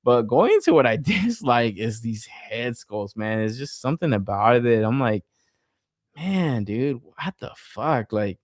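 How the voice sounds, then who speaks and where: Profane, animated man reviewing toys. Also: mid-range voice, moderate pace, few pauses, no room sound, clean studio sound. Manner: profane, animated, laughs often. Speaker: podcast co-host. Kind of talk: casual toy review chat.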